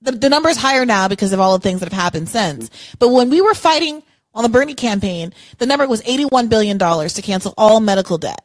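A woman hosts a live call-in podcast and rants with passion about what she cares about. Her voice sits a bit high. The sound is dry and close. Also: lively intonation, quick pace, no room sound. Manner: passionate ranting. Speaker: podcast host.

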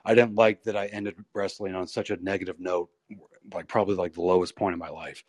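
A lower-pitched pro wrestler in his thirties tells wrestling stories in a candid interview, rambling loosely, swearing freely, and animatedly acting out the other people in his anecdotes. He speaks briskly, and the recording is dry and close with no echo or room sound.

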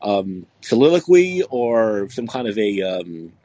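A man's voice: on the low side, sing-song, slow pace, warm tone, no echo. A man hosting a live call-in podcast, talking casually and sarcastically, rambling with many restarts. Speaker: podcast host. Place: San Francisco.

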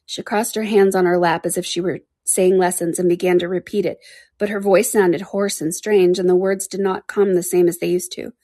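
A woman narrating a classic storybook in a measured storytelling voice. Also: fairly low pitch, flat delivery, mellow, no echo. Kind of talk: audiobook reading.

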